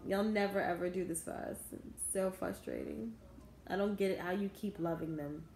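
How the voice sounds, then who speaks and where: A woman's voice: on the low side, moderate pace, a little mellow. A woman, ranting to her viewers in a bitter, indignant vlog. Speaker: vlogger. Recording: echoey room, faint background noise.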